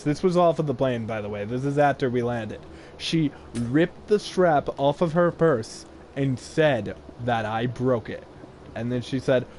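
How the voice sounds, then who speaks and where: A man's voice: mid-range voice, lively intonation, unhurried, a little mellow, a little hiss or hum. A young man casually telling a funny personal story while playing a game, laughing often and acting out the people he quotes. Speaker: gaming video host.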